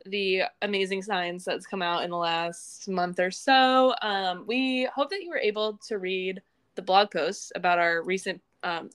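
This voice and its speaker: Smooth-voiced Midwestern woman co-host. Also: medium pitch. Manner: relaxed, laughs at herself, fillers. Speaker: podcast co-host. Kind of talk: casual chat, reading show updates.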